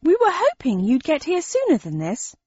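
A woman voicing a shrill, fretful shape-changer. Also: wildly swooping pitch, normal speed, mellow, dry recording, lo-fi sound. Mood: pleading. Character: misshapen shape-changing creature, bizarre and fretful.

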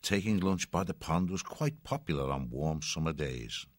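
Deep-voiced male storybook narrator. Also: animated, moderate pace, no echo, studio quality. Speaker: audiobook narrator.

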